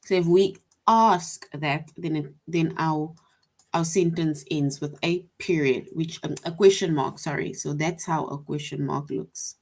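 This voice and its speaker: A woman teaches a class of young children, her voice sitting a little low. She explains patiently, says each point more than once and keeps checking with "right?". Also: steady tone, unhurried. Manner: patient and repetitive, often adds "right?". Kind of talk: online grammar lesson for young children.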